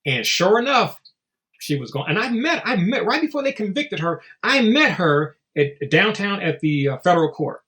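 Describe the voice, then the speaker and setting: A man with a high voice that swings widely up and down, talking as a guest in a relaxed interview. He is blunt and emphatic and swears freely. He tells stories and acts out what others said. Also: moderate pace. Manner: storytelling with acted-out quotes. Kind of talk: casual podcast interview.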